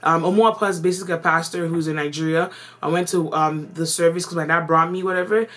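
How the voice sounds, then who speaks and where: A woman's voice: lowish voice, steady tone, fast, fairly bright tone. Slangy casual woman telling a story. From Canada. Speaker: vlogger. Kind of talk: storytime vlog.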